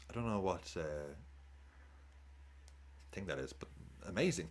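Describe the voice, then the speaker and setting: A man's voice: deep voice, animated, a little slow, long pauses. A man streaming a live football watchalong, chatting casually, swearing, cheering goals and thanking viewers for tips.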